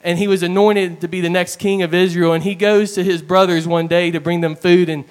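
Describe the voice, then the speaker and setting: A man's voice: sits high, fairly even intonation, fairly quick, smooth. A man preaching a sermon, retelling stories in an earnest, storytelling way.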